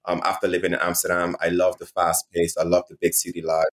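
A man from Saint Martin with a Caribbean accent, talking as a podcast guest in a relaxed, casual way with many fillers and restarts. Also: sits low, fast. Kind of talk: casual interview chat.

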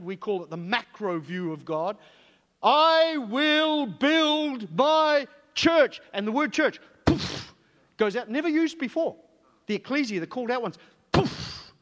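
Male preacher with a high voice, emphatic and direct, in a long-reverb hall. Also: a bit bright. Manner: emphatic, rhetorical questions to the congregation. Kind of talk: sermon.

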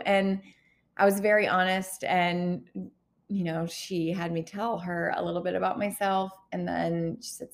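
A woman in her thirties talking candidly in a personal vlog, halting and close to tears as she opens up. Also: lowish voice, steady tone. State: holding back tears. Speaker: healthcare worker vlogger.

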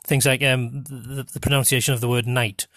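A man with a North East English accent hosting a podcast, rambling with many pauses and restarts. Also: mid-range voice, flat delivery, fairly bright tone, no echo, clean studio sound. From North East England. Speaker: podcast host. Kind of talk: casual monologue with a dialect reading.

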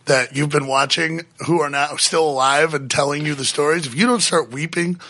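A man's voice: fairly high pitch, steady tone, normal speed, sharp tone. A man co-hosting a casual podcast chat, opinionated and teasing, often stumbling and restarting his sentences. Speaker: podcast co-host.

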